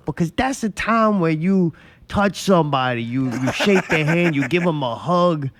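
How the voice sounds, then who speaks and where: A man's voice: fairly high pitch, expressive, moderate pace, fairly bright tone, no room sound. A man hosting a casual talk show, telling a rambling story and swearing freely. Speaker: podcast host. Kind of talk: casual profane chat.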